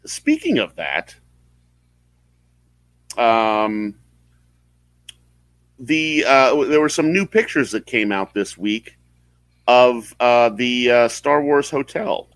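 A man hosting a casual live podcast chat, talking in a halting way with many fillers and restarts. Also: medium pitch, expressive, a bit bright, dry recording, low-quality recording. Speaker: podcast host.

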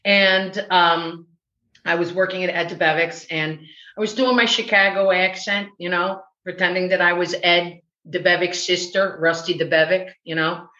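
A woman from the US Midwest, an actress being interviewed, telling stories in a lively, chatty way full of restarts. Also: lowish voice, normal speed. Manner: animated, chatty storyteller with laughs and restarts. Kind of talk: casual interview chat. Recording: roomy, dull recording.

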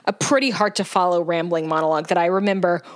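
A woman's voice: fairly low pitch, fairly even intonation, quick pace. A woman in casual podcast chat, dissecting a show's plot beat by beat. Her tone is wry and analytical, and she laughs easily as she goes. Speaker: podcast co-host.

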